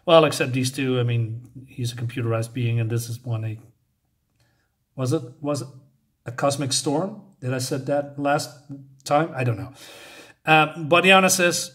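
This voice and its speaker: A man casually recapping a comic issue, halting often with fillers and unsure asides. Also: medium pitch, steady tone, a bit bright. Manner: hesitant, many fillers and restarts, unsure asides. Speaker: comic book reviewer.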